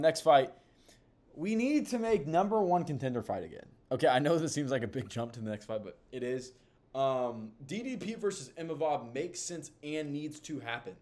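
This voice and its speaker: A man talking through fight matchups in a loose, casual way. He rambles, restarts his sentences and leans on fillers. His pitch sits in an ordinary middle range. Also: darkish tone. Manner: rambling, hedging, lots of fillers. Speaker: MMA commentator. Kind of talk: casual video commentary.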